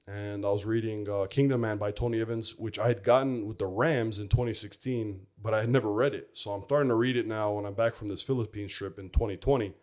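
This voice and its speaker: Earnest man with a lowish voice. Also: a little mellow. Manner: earnest, reflective, halting with fillers. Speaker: former football player giving his testimony. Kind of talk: personal faith testimony.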